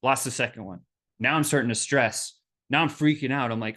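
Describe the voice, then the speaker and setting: A man hosting a business podcast, telling a personal story in a lively, animated way and acting out the voices of the people in it. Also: mid-range voice, fairly quick. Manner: animated, acts out quoted voices. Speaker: podcast host.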